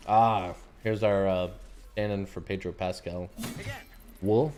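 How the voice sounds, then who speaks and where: A man's voice: low voice, steady tone, measured pace, a little mellow, a little hiss or hum. An American man streaming a game, chatting casually in a laid-back, slangy way. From United States. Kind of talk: casual gameplay commentary.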